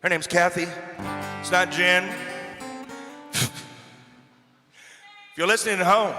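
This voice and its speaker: A man's voice: on the high side, bright, forceful tone. A man in his forties, a bar singer chatting and telling stories to the crowd between songs, on a stage microphone. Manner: chatty, joking storyteller working the crowd. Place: bar stage with live band. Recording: echoey live bar room with music. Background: band music and guitar.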